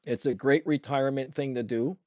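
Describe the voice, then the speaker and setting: A man's voice: mid-range voice, steady tone, a little fast, a little mellow, dry recording, dull audio. A man teaching a livestream painting demo, chatting with his viewers and asking them questions as he paints. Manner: talks with a brush in his mouth at times. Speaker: art instructor.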